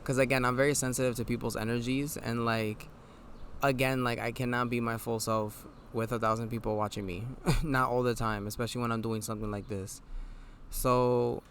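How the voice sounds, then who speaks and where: A tired man with a nasal voice, hosting a podcast. He talks in a casual, reflective monologue and reads affirmations aloud in a low, laid-back way. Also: little pitch movement, normal speed, a bit bright, slight background noise. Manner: low, laid-back delivery with mild swearing. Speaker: podcast host.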